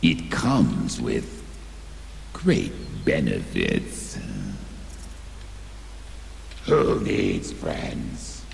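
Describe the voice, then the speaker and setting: A sinister god of the underworld who speaks in a deep, gravelly growl. His threats are slow and theatrical, rising and falling dramatically. A long reverb hangs behind him, like a game voice line. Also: wildly swooping pitch, slight background noise, full character voice. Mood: gloating. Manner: theatrical, gloating, drawn-out threats.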